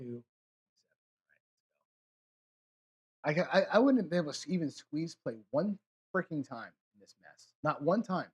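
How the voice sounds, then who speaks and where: A man's voice: a little high, big pitch swings, moderate pace, long pauses, breathy edge. A man giving casual live commentary while rolling dice, frustrated and muttering to his viewers, swearing between rolls. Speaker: craps streamer.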